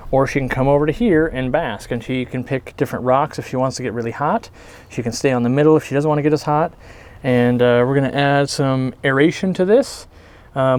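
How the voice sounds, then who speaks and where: Easygoing male vlog host outdoors, chatty and unpolished, mid pitch. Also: clear, resonant tone. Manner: relaxed, rambling, many fillers and restarts. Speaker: aquarium shop owner and channel host. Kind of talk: casual outdoor walkthrough vlog. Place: outdoors by a garden pond.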